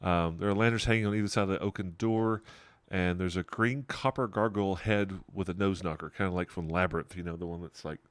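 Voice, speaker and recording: A man's voice: deep voice, fairly even intonation, brisk, few pauses, smooth, no room sound. A middle-aged man narrating a tabletop game as game master, describing scenes in a rambling, digressive way and chuckling often.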